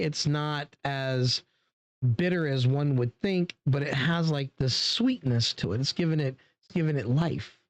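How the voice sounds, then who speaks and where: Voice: medium pitch, no room sound. Chatty, dry-voiced wine reviewer. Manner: chatty and relaxed, many fillers, talks straight to viewers. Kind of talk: casual wine tasting review.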